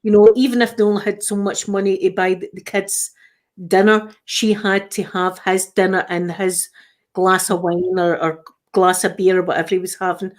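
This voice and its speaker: A Scottish woman hosts a casual livestream, chatting and rambling with lots of restarts. Her medium-pitched voice moves little in pitch, and she speaks at normal speed.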